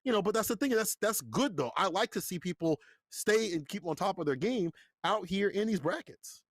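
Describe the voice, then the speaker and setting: A man calls a fighting-game match with bouncy, swinging intonation and a fairly high voice, playful and quick to laugh. His sound is close and dry, with no room around it. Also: expressive, no echo. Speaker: esports commentator. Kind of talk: live tournament commentary.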